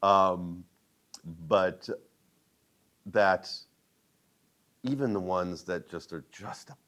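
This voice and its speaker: A man's voice: deep voice, extremely slow, fairly bright tone. A male teacher answering interview questions thoughtfully, with wry, self-deprecating humor.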